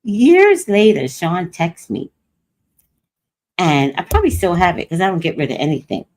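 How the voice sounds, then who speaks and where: An older woman hosts a livestream, her lowish voice moving at a normal speed as she tells a personal story in casual chat. She's animated, acting out and quoting what other people said.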